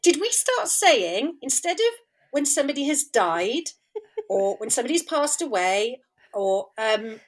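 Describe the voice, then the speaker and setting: A woman's voice: high-pitched, big pitch swings, a little slow. A woman guest on a podcast, chatting casually and ranting with comic, exasperated indignation.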